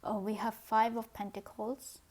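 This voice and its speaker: A woman's voice: on the high side, little pitch movement, a little slow, darkish tone. A woman giving a casual pick-a-card tarot reading, talking straight to the viewer with lots of "you know" and little laughs.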